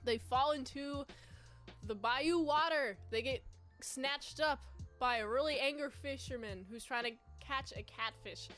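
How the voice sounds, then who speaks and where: A woman's voice: high-pitched, a little slow, a bit bright, soft background music. A woman giving a casual, playful, rambling movie review.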